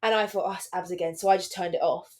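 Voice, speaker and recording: A woman's voice: on the low side, fast. A young woman from England, a podcast co-host, telling a story in casual chat, acting out quotes and saying "like" a lot. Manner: animated storyteller, acts out quotes, lots of "like".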